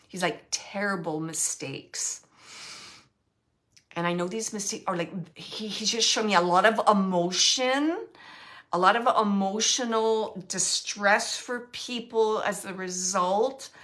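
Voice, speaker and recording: A woman psychic medium gives a live spirit reading, passing on messages haltingly. Her voice is medium-pitched and fairly bright, and she repeats herself and slips into whispered asides.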